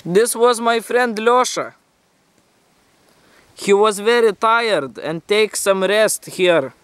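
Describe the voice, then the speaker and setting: A man's voice: sits high, slow, a bit bright, smooth, dry recording. A man vlogging outdoors by a forest river, in a teasing, mock-dramatic way, talking to his viewers. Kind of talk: playful outdoor vlog commentary.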